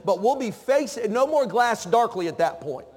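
A man's voice: high-pitched, sing-song, normal speed, darkish tone. A man preaching a sermon in a church, joking with the congregation and calling out to them. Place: church sanctuary. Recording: long reverb of a church hall.

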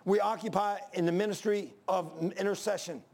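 The voice of an older pastor, high and gravelly, carries across a church as he preaches. His delivery is folksy and emphatic and keeps circling the same point, with fairly even intonation, normal speed, and a darkish tone.

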